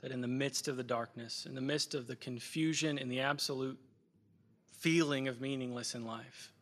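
A man's voice: mid-range voice, steady tone, moderate pace, a bit bright, big-room sound. A male pastor preaching a sermon in an earnest, reflective way, repeating phrases for emphasis.

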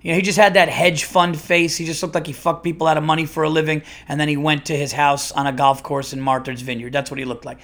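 A man's voice: fairly high pitch, fast, few pauses. Chatty middle-aged man telling a story. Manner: rambling, animated, with restarts and acted-out quotes. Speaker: comedian and podcast host. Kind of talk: casual storytelling monologue.

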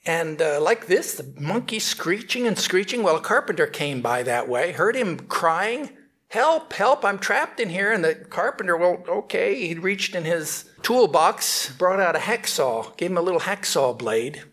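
A man giving a spiritual teaching and telling a story, halting often and restarting his phrases. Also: fairly high pitch, sing-song, a bit bright.

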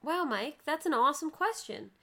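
A woman's voice: sits high, animated, moderate pace, pushed and bright. Dry sarcastic woman co-host. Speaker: podcast co-host. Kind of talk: casual chat.

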